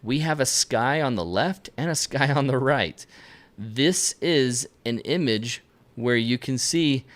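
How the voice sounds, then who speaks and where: An energetic man teaching beginners on a live stream. His voice sits at an ordinary middle pitch. He speaks straight into his camera and keeps up a lively running commentary. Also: takes it slowly. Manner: energetic, talks to viewers directly with self-directed asides. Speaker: photography instructor. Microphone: camera lens mic, at a desk facing the camera.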